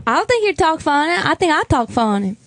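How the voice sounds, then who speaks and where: A woman's voice: high-pitched, big pitch swings, brisk, fairly bright tone. A woman comedian, a guest on a talk radio show, teasing and needling with sarcasm.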